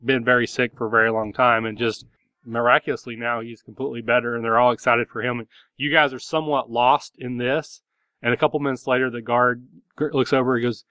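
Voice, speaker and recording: A man game master narrates a tabletop session in a loose, rambling way, with plenty of fillers and restarts. His voice sits at an ordinary pitch and is recorded close and dry, with no room sound. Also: level tone, quick pace, pushed and bright, no echo.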